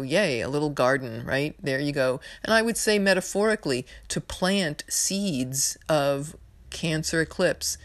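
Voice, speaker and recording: A woman's voice: low voice, no room sound. A woman from New York hosting an astrology podcast, talking in a rambling, earnest and emotional way with lots of fillers. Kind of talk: casual spiritual podcast monologue.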